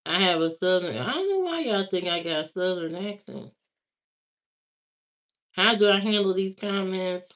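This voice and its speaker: A woman's voice: medium pitch, lively intonation, normal speed, long pauses, lo-fi sound. A woman in her thirties chatting casually on a livestream, answering viewer comments in a candid, rambling way with many fillers.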